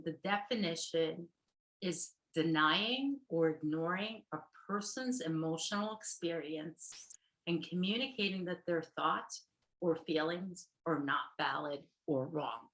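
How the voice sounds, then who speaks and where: Woman therapist, middle-aged, chatty workshop talk, sharp bright tone, echoey room. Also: on the low side, measured pace. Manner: chatty, laughs often, checks in with "right?" and "okay".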